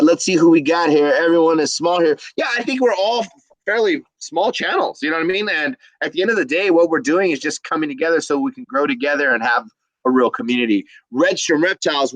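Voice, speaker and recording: Upbeat male stream host, slightly high voice, dry close sound, chatty. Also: fairly bright tone, no echo, rough recording. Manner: upbeat, enthusiastic, reads chat aloud. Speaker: livestream host. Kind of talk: casual livestream chat.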